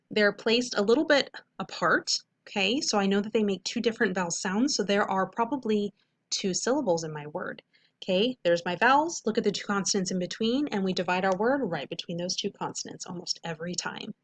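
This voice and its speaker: A woman leads a recorded phonics lesson, clearly explaining each step and asking "okay?" after every point. Her voice is medium-pitched and a bit bright.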